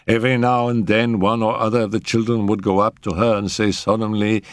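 A man narrating a first-person story aloud in an expressive, varied delivery. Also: fairly low pitch, brisk, few pauses, no room sound, studio quality. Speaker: audiobook narrator.

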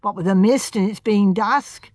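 A woman's voice: mid-range voice, moderate pace, darkish tone, dry recording, close to an everyday voice. A woman reading the part of a blunt, confident male police inspector. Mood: sharp. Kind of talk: audiobook character voice.

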